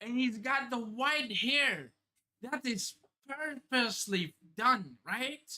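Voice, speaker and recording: Animated man reacting live to a manga chapter. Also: extremely high pitch, takes it slowly. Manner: excitable, swears, narrates pages aloud.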